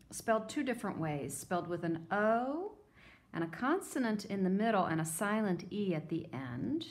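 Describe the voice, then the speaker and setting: A woman's voice: medium pitch, sing-song, moderate pace. A woman teacher giving a phonics lesson to young children, sounding out words letter by letter.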